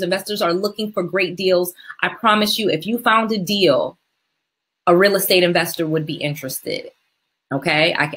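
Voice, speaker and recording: Woman, middle-aged, real estate coach; bright tone, emphatic, repeats the steps. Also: medium pitch. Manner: emphatic, repeats key steps, checks in with "okay?". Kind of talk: live teaching call.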